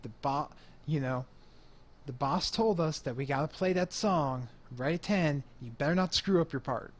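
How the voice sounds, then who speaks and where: A man's voice: on the high side, normal speed, natural voice. A man doing a bossy, nervous jazz bandleader. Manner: blustering, then sheepish.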